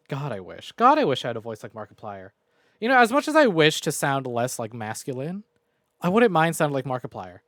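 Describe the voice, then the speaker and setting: A male streamer talks casually from home into a close microphone, swearing freely and rambling between jokes at his own expense. His voice sits a little high and jumps around a lot. The sound is dry, with no room echo. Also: very animated, brisk, fairly bright tone. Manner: profane, rambling and self-mocking. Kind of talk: casual game stream recap. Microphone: new desk microphone.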